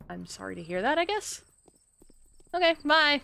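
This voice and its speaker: A young woman livestreaming a game, talking half to her chat and half to herself. Her voice sits a little high, and she jumps into sharp, high exclamations when something surprises her. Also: very animated, normal speed, vocal fry, faint music behind. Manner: chatty, muttering to herself, sudden high exclamations. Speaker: streamer. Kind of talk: live gameplay commentary.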